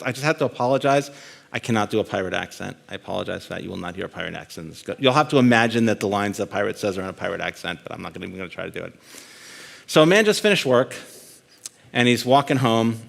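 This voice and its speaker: A man's voice: on the low side, creaky. A man talking as the guest in an onstage fireside chat, joking and self-deprecating as he tells stories. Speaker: guest speaker. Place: conference stage.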